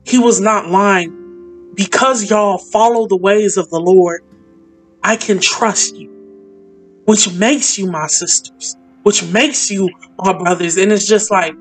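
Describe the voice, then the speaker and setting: A woman's voice: medium pitch, slow, faint music behind. A woman hosting a casual faith chat, speaking with feeling, repeating herself and calling her friends y'all and sis. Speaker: podcast host.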